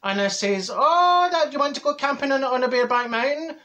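Fully in character, a man plays a straight-talking, brash older Glasgow woman with a Glaswegian accent, cackling and rambling through a gossipy comic monologue full of asides. His high voice swings widely in pitch at a moderate pace, sharp in tone, on a lo-fi recording.

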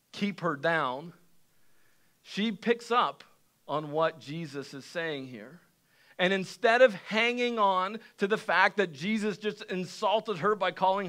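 A young adult man preaching a sermon as pastor, telling stories animatedly and swinging between quiet passages and shouted lines. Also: sits high. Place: church sanctuary.

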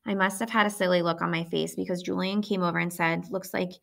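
Woman narrator for first-person fiction, steady and plain, low with vocal fry. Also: quick pace. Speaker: audiobook reader.

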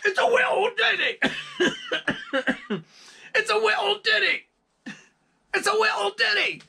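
A man doing an impression of a giddy male Scottish singer in a shrill falsetto, repeating a catchphrase. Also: normal speed, vocal fry, pushed and bright, heavily acted.

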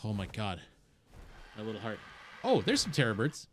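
A man streaming a game live while high, giving excitable, rambling commentary, swearing and talking to the creatures and his chat. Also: normal speed, slight background noise.

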